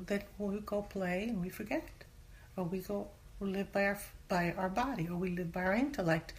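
This woman's voice sits in the mid range, and she talks at a normal speed. She's a Christian teacher sharing Bible teaching in an informal, conversational way, earnest throughout and occasionally whispering to stress a point, with everyday voices performed whenever she quotes someone.

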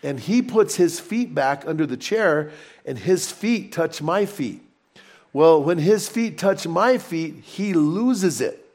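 A man preaching a sermon in a conversational, storytelling way with animated asides. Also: fairly high pitch, takes it slowly. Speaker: pastor.

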